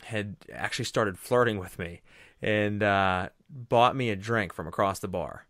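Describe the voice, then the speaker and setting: A man's voice: on the low side, measured pace, no room sound, studio quality. Rambling, profane male podcast host. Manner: animated, profane, rambling with restarts. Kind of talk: casual storytelling chat.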